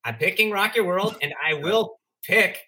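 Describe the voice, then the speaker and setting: A man co-hosting a casual podcast with a very bright, slightly high voice. He is chatty and often stumbles into repeated restarts. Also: moderate pace. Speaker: podcast co-host. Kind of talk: casual chat.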